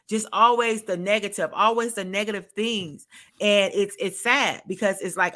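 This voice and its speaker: A woman's voice: mid-range voice, steady tone, normal speed, pushed and bright. A woman host on a faith-based podcast, preaching emphatically and repeating phrases for effect over a video call. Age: adult, a parent.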